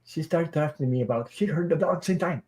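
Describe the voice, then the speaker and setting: A man hosts a casual live video-call chat in a fairly high voice. He speaks with feeling and circles back over his own words as he tells a story. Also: fast talker, a little mellow, a little hiss or hum, low-quality recording. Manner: emotional, repeats himself while telling a story. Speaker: live-stream host.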